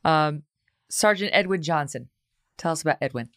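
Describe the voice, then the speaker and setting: A woman host speaks smoothly and clearly, asking articulate questions in a conversational interview. Her voice is recorded close and dry, with no room around it. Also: low voice, expressive, normal speed, a bit bright, dry recording.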